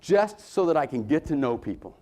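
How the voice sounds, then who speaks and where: A man giving a motivational conference talk to a room, swinging between loud emphasis and low asides. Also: very animated, fairly quick. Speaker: conference speaker.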